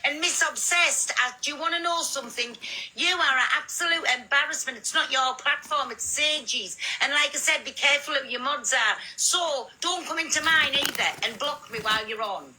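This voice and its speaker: Woman, high voice, blunt, angry, swearing, noisy stream audio. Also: normal speed, sharp tone. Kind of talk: heated live stream chat.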